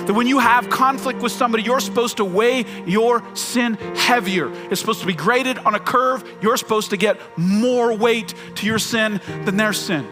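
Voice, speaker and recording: A man's voice: extremely high pitch, moderate pace, hardly any pauses, music in the background. A man preaching a sermon as pastor, talking conversationally, repeating key phrases and acting out quoted lines.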